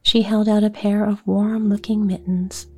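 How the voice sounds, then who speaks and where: Soft-spoken woman reading a bedtime story. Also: mid-range voice, little pitch movement, husky, faint music behind. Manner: soft, slow, partly whispered. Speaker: podcast host, bedtime story reader. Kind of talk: soothing bedtime story narration.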